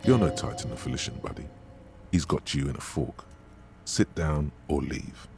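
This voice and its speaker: A very deep, sardonic game narrator. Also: male voice, expressive, normal speed, gravelly, a little mellow, slightly rough, exaggerated voice. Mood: dry. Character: wry second-person narrator in the detective's head. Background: game music.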